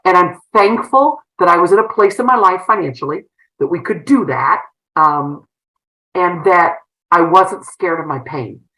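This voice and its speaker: A woman's voice: fairly low pitch, lively intonation, unhurried, sharp tone, rough recording. A middle-aged woman, a former principal turned entrepreneur, earnestly telling a personal story in an interview with many fillers and restarts. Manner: earnest, emotional retelling with frequent fillers and restarts.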